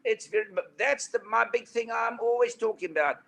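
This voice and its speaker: An older man with a South African accent, a guest telling stories on a talk panel in an animated, emphatic way. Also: extremely high pitch, fairly quick, gravelly. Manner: animated anecdotes, emphatic and preachy.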